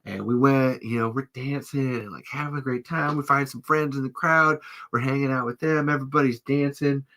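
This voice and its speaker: A male podcast host with a bright, ringing, mid-range voice spins a long casual story at a slightly fast pace. He's animated and profane, cursing freely and laughing mid-sentence. When quoting other people, he acts out their lines in raised, animated voices.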